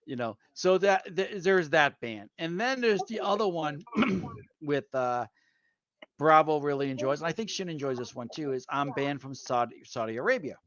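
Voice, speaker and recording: Higher-voiced man with a Boston accent. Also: moderate pace, dry recording. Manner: animated anecdotal storyteller, addresses listeners as folks. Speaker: veteran telling stories. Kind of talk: casual chat. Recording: dull lo-fi audio.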